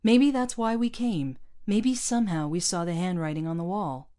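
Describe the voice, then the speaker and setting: A woman reading aloud, voicing a big older bearded man who speaks softly and solemnly. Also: lowish voice, close to an everyday voice. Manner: soft, solemn, measured.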